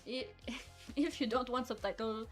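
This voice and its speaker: A woman co-hosts a casual game-development livestream, asking questions in an easygoing way. Her voice sits a little high, with faint music playing behind her. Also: fairly even intonation, measured pace. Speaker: indie game developer co-host.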